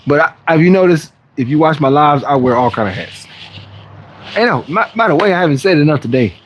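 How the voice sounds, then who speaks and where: With a slightly high, expressive voice and a somewhat quick pace, a fitness livestream host chats informally with viewers, rambling, restarting, and using slang while acting out others' voices. The recording's high frequencies are cut off.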